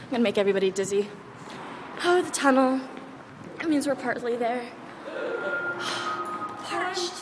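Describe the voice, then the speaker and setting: This woman's voice sits on the high side as she chats unhurriedly and pauses often, filming a playful, bubbly vlog on a handheld camera. She exclaims frequently while strolling outdoors downtown, with the noise of a busy street and its traffic all around.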